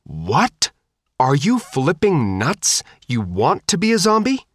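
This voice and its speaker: A man's voice: fairly high pitch, wildly swooping pitch, slow pace, a bit bright, no room sound, studio quality, pitched above the performer's own voice, exaggerated voice. A man narrating an audiobook, voicing a fierce, scornful teenage girl fighter in a raised voice. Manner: biting, scornful, commanding.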